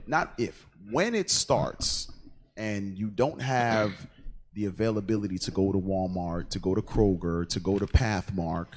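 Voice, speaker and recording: A man's voice: on the low side, a little mellow. A man hosting an online radio show, talking casually with stop-start phrasing and earnest asides. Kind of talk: casual livestream chat.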